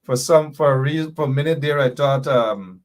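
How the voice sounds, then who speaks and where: A man's voice: mid-range voice, normal speed. A man with a Guyanese accent hosting a radio talk show, mixing chuckles with emphatic, repeated points. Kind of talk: casual political commentary.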